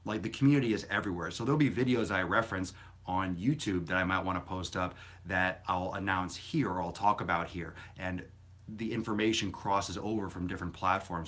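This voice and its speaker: A man's voice: low-pitched, fairly bright tone. A man hosting a casual fitness live stream, rambling and answering viewer questions in a blunt, sometimes profane way. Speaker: fitness livestream host.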